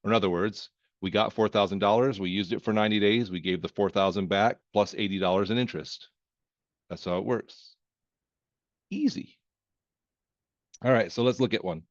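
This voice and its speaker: A man teaching accounting in a relaxed lecture, walking through problems step by step with folksy jokes and asides. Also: lowish voice, fairly quick, no echo. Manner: folksy and joking, with verbal asides. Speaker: accounting instructor. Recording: dry, slightly dull screen-recorded voice.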